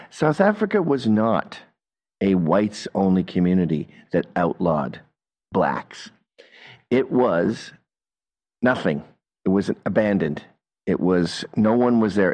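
A man hosting a reaction commentary, talking in an animated, mocking, opinionated way. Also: low-pitched. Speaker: commentator host.

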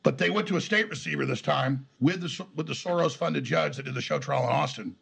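Man, Texas accent, interview guest, very gravelly voice, husky edge, emphatic rambling storytelling. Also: on the high side, a little fast, fairly bright tone. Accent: Texan. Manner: emphatic, rambling, acts out quoted exchanges.

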